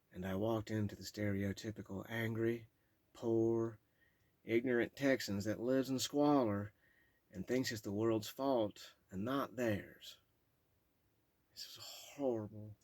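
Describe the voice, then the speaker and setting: A husky, low-pitched man reads aloud from his own memoir. His delivery is blunt and profane, and he stumbles and breaks off when the memories get to him. The recording is close and dry. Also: a little mellow, dry recording. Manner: raw, profane, halting when overcome. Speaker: memoir author reading aloud. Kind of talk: reading his memoir aloud with emotional asides.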